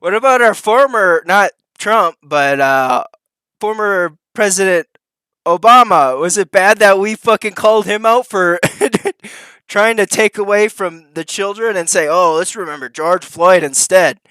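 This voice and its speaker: A man's voice: sits high, a little slow, sharp tone, clear, resonant tone, dry recording. A man chiming in on news clips with profane, mocking remarks. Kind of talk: reaction commentary.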